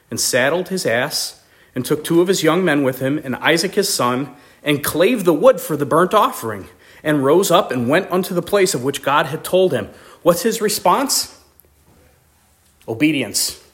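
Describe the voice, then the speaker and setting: A man preaching a sermon, reading scripture slowly and pushing his voice up high for emphasis before dropping it low and quiet. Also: lively intonation. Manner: reads scripture slowly in old-style wording.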